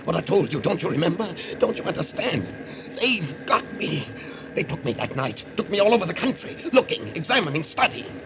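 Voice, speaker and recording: An actor playing a desperate possessed professor, pleading and frantic, in an old radio play. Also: male voice, fairly high pitch, big pitch swings, a little fast, noisy background.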